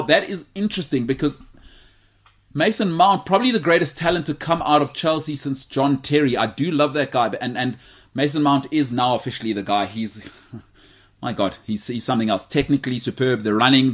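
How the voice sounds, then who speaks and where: A husky-voiced man co-hosting a loose sports talk show. He tells stories with energy and slips into quick impressions. His voice is slightly breathy. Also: medium pitch. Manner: animated storytelling, puts on quick character voices. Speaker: podcast co-host. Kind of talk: casual chat.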